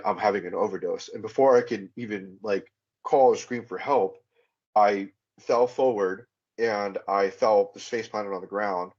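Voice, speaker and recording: A man telling his personal testimony as a podcast guest, in an earnest, halting way full of fillers and restarts. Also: fairly low pitch, slightly rough, muffled recording. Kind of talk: personal testimony, recounting a vivid experience.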